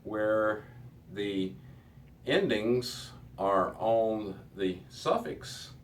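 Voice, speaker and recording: Male Hebrew teacher, very low voice, unhurried lecture delivery, a bit off-mic. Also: animated, far from the mic, a little hiss or hum, poor audio. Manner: slow, deliberate, with many fillers and restarts. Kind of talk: classroom lecture.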